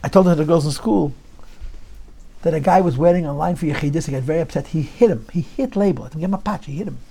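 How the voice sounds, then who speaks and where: A man telling a Chassidic story to an audience in an animated, repetitive storytelling manner. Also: fairly high pitch, fast talker, vocal fry, slightly rough. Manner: animated storyteller, repeats phrases, drops into Yiddish.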